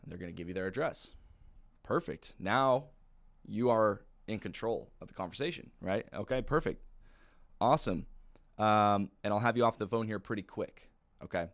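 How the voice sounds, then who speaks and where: A man's voice: lowish voice, moderate pace, fairly bright tone. A young man teaching sales calls in a casual, plain-spoken way, with lots of fillers. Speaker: insurance sales trainer. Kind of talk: casual training talk.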